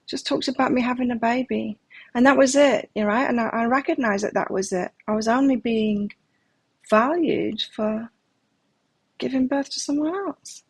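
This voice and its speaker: A woman's voice: a little high, moderate pace, slightly rough, no room sound. A middle-aged woman giving a live tarot reading, talking candidly and reflectively and sharing personal stories. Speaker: tarot reader.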